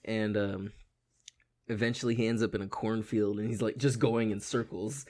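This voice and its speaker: A man in his twenties co-hosting a podcast, an animated storyteller who swears freely. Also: lowish voice, normal speed. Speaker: podcast co-host. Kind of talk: casual chat.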